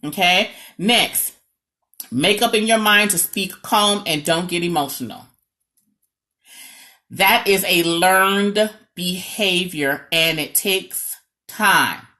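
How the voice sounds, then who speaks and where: Animated New York woman giving advice. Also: lowish voice, takes it slowly. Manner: animated, dramatic and sarcastic, checks in with "okay?". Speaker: marriage coach. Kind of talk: direct-to-camera advice talk.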